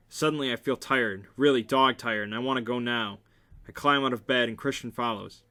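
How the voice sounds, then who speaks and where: Dude reading a novel out loud, kinda casual, trips over words sometimes, normal mid voice. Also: male voice, mid-range voice, normal speed. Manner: casual amateur reading with small slips and restarts. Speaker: reader.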